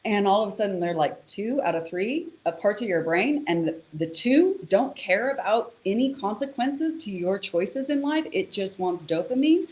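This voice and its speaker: A woman's voice: mid-range voice, animated, normal speed, hardly any pauses, a little mellow. A woman who teaches yoga and meditation, explaining in a casual, chatty way and telling a story. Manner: casual, chatty, with fillers and acted-out quotes.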